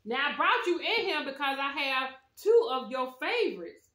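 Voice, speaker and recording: Chatty bright-voiced woman reviewing snacks. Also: high voice, big pitch swings, normal speed. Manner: chatty, talks straight to viewers with slang. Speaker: food review vlogger. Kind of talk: casual snack review talking to viewers. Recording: echoey room.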